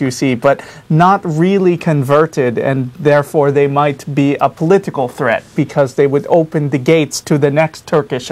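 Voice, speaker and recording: Man doing an old-world Spanish inquisitor: put-on Spanish accent, halting, earnest lecture voice. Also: on the high side, darkish tone, natural voice. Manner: halting, many filler pauses, earnest lecturing. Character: male Spanish Inquisition official from 1400s Spain. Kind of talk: in-character monologue on a talk show.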